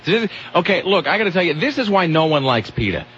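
A man's voice: fairly high pitch, very animated, fast talker, fairly bright tone, highs cut off, a little hiss or hum. A man hosting a comedic talk radio show, rambling and sarcastic, often cutting himself off mid-sentence. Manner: sarcastic, rambling, self-interrupting.

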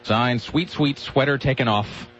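A man's voice: medium pitch, unhurried, a bit bright, muffled recording. A man hosting a talk radio show, bantering in a joking way with wry asides.

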